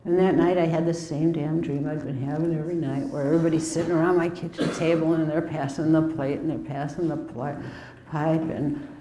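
A woman in her fifties tells her recovery story with candid, wry warmth, her voice low and mellow. She speaks in an echoey room with faint ambient noise behind her. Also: steady tone, a little fast. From Milwaukee, US Midwest. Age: 50s. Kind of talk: personal recovery testimony.

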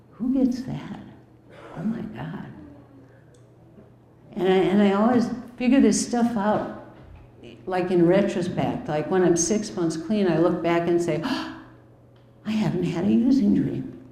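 A woman's voice: fairly low pitch, vocal fry, mellow, echoey room, a little hiss or hum, poor audio. A woman in her fifties from the US Midwest, candidly telling her recovery story in a conversational way with wry asides. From Milwaukee, US Midwest. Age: 50s. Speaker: recovery speaker. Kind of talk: personal recovery testimony.

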